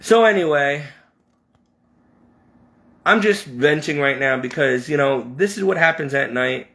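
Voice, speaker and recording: A man's voice: fairly high pitch, expressive, unhurried, sharp tone. A middle-aged man from Connecticut venting about his past in an impassioned, rambling personal vlog, often restarting his sentences. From Connecticut, USA. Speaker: vlogger.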